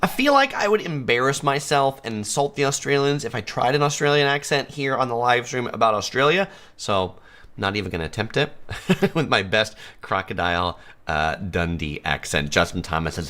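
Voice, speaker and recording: A man's voice: lowish voice, lively intonation, fairly quick, a bit bright. A man from San Diego hosting a live stream, chatting easily and laughing often as he reads viewer comments. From United States (San Diego).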